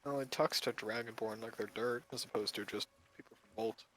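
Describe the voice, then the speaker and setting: A man's voice: fairly low pitch, fairly even intonation, a little fast, fairly bright tone, a little hiss or hum, poor audio. A man playing a tabletop game, speaking candidly and rambling with plenty of hedges. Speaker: player.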